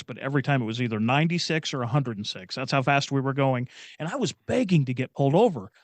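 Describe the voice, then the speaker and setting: A man's voice: medium pitch, dry recording. Middle-aged guy from indiana telling a story on a podcast, earnest, lots of restarts, mid voice. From Indiana, USA. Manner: earnest, halting retelling with many restarts. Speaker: podcast guest. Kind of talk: personal storytelling in casual chat.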